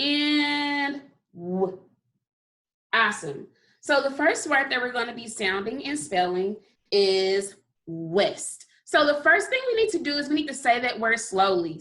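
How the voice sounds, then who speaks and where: A woman's voice: on the high side, a bit bright. A woman teaching a recorded phonics lesson to kindergarteners, sounding out letters and praising often. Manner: slow, encouraging, sounds out letters.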